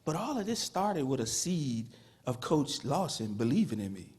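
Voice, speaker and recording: This Hall of Fame inductee from Petersburg, Virginia, has a husky, slightly mellow, medium-pitched voice with a sing-song quality, speaking at normal speed. Before an audience in a ceremony hall, he tells stories conversationally, leaning often on "you know".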